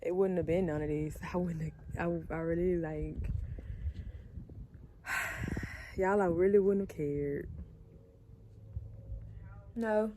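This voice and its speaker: A woman with a low speaking voice shares a personal story in an earnest, heartfelt monologue, addressing her viewers directly. A steady hiss of background noise runs under the recording, as if caught on a simple camera mic. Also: normal speed, few pauses. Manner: earnest, talks straight to viewers as "y'all". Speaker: vlogger telling her story.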